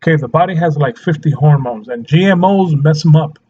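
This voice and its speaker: Man with a fairly high voice, a chatty nutrition coach who laughs a lot, on dull lo-fi audio. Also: a little fast, mellow, slight background noise. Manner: chatty, laughs often, keeps checking in with "okay?". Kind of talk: casual health talk to camera.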